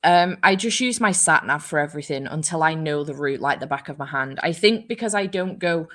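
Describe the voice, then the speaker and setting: A woman's voice: deep voice, animated, brisk, a bit bright. A young woman, chatting casually with live viewers, swearing freely and poking fun at herself. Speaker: book channel host.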